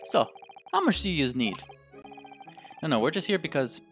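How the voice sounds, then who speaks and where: A man's voice: a little high, big pitch swings, normal speed, faint music behind. A man voicing a boastful, wealthy Irish defendant with a clumsy put-on Irish accent. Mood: jovial. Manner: jovial, blustering, loud.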